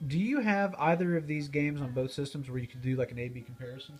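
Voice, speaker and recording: A man's voice: fairly high pitch, steady tone, quick pace. A man co-hosting a casual let's-play, chatting in an easygoing, agreeable way. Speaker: gaming co-host.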